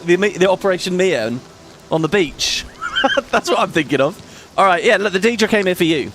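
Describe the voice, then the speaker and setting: This man's voice sits high and has a sing-song lilt, moving at a moderate pace over a noisy background. He hosts a let's play, chatting casually, rambling as he thinks aloud, and laughing often while he plays.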